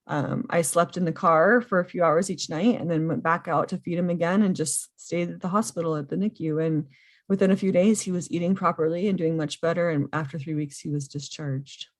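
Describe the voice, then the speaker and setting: Woman in her thirties, low voice, earnest, emotional, casual storytelling. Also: fairly even intonation, fairly quick. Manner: earnest and emotional, with frequent ums. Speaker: podcast guest, foster and adoptive mother.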